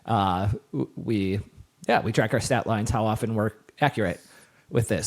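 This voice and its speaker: A middle-aged man co-hosting a casual sports podcast with his son, upbeat and quick to laugh, often restarting his sentences. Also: on the low side, animated, darkish tone. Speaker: co-host, father.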